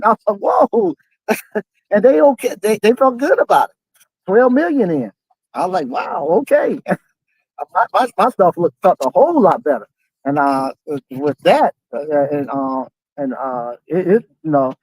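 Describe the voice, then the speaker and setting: This man vlogs casually to camera, earnest and determined, chuckling often and halting through many fillers and restarts. His voice is on the high side, and the audio is poor, with no room sound.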